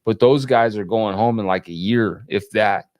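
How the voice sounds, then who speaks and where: Low-voiced man, halting and rambling. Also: darkish tone, dry recording. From California. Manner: halting, repeats words, many fillers. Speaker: guest. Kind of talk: casual conversation.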